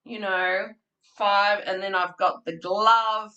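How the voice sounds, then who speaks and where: A woman presenting a childcare training webinar in an animated, theatrical, chatty way. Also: mid-range voice, takes it slowly, muffled recording.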